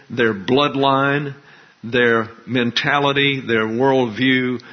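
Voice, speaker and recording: A man of middle pitch preaches an expository sermon in a deliberate, explanatory manner. His teaching comes through a dull, lo-fi recording. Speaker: pastor.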